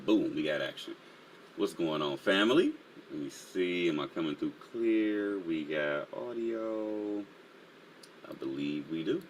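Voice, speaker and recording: A man's voice: low voice, expressive, measured pace, slight background noise. A man hosting a casual live stream, full of energy, laughing often and reading the chat aloud. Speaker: livestream host.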